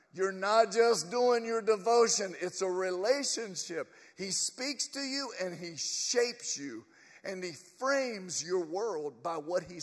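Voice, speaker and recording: High-voiced pastor preaching slow, lots of hall echo. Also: male voice. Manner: emphatic, storytelling, addresses the congregation. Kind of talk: sermon. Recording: long church reverb.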